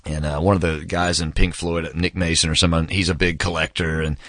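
A man's voice: low-pitched, flat delivery, brisk, fairly bright tone, no room sound, studio quality. A man in his forties casually reviewing a book, telling stories with enthusiasm, acting out quotes and saying "man" a lot.

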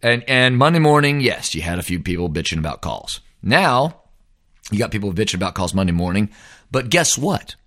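A man's voice: on the low side, very animated, a little fast, a bit bright. Exasperated man ranting about sports rules. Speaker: host. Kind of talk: opinionated sports commentary monologue.

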